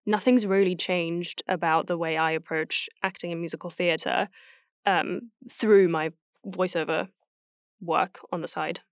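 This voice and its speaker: A woman talks in a relaxed, considered way, pausing on fillers as she explains her work. Her voice is smooth and clear. The sound is close and dry. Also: on the low side, no room sound. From Germany. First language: German. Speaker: guest, actor. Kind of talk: casual chat.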